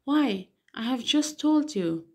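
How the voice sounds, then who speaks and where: A woman reading aloud the part of an old male bishop, gentle and unafraid. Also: high voice, takes it slowly, voice pushed up, exaggerated voice. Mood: reassuring. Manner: calm, reassuring, unafraid.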